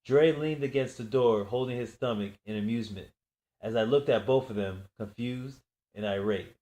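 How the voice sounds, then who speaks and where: A man giving steady first-person audiobook narration of a crime story. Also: mid-range voice, normal speed.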